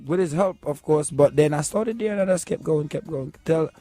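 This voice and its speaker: Laid-back Jamaican man, higher voice. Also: fairly quick, warm tone, dry recording, faint music behind. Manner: laid-back storytelling, keeps asking "you know what I'm saying". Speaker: musician guest. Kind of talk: casual interview talk.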